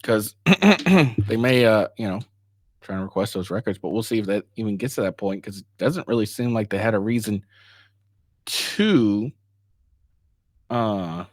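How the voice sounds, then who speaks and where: A man's voice: lowish voice, expressive, measured pace, pauses often, no room sound, clean studio sound. A man giving casual, rambling commentary, full of swearing, fillers and restarts, and mocking when he paraphrases others. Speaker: online commentator.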